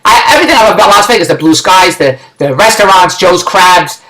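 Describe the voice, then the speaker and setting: A man's voice: sits high, lively intonation, a little fast, echoey room, low-quality recording. A middle-aged man from Philadelphia, ranting in a rambling, exasperated way on his video blog. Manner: rambling, exasperated, loud rants. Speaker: vlogger.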